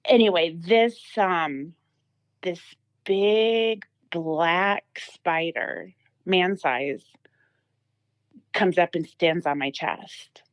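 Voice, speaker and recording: A woman's voice: fairly low pitch, very slow. A woman giving a personal testimony as a podcast guest, telling her story vividly with many fillers and restarts.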